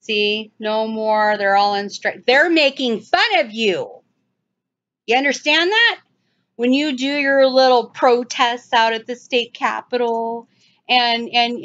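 A woman hosting her own channel, commenting urgently over video clips and mocking with sarcastic high-pitched asides. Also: fairly even intonation, measured pace, a bit bright. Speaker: channel host. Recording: dull lo-fi sound.

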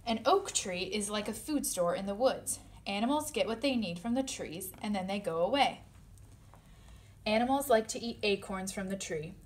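A woman reads a children's picture book aloud in a steady, mid-range voice. She turns playful on the animal sounds, jumping up high for the squeaks and yips. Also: moderate pace, a little hiss or hum. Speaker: storybook reader.

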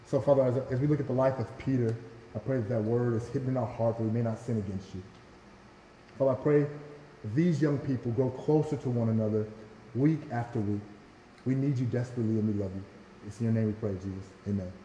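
A man leads a spoken prayer in a very dark, mellow voice, hushed and brisk. The sound is roomy with a long reverb tail, and a faint ambience hums behind him. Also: mid-range voice, slight background noise. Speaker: prayer leader. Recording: echoey room with long reverb.

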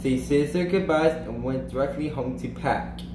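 A man reading a children's storybook aloud in an animated way, slowing down and lifting his voice for emphasis. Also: roomy sound, background noise. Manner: animated, slows and lifts pitch for emphasis and character lines. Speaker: storybook reader.

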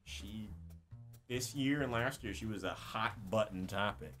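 A woman's voice: very deep voice, a little slow, soft background music. A young woman guessing along in a casual game with her siblings, blunt and swearing. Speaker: sibling guest.

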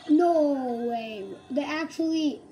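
A woman giving live gameplay commentary, excitable and slangy, with loud exclamations. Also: high voice, slow pace, soft background music. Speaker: gamer.

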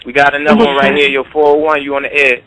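Brief: man, bright voice, energetic call-in host, quick repeats. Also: medium pitch, rough recording. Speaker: radio host. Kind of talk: hyped call-in radio hosting.

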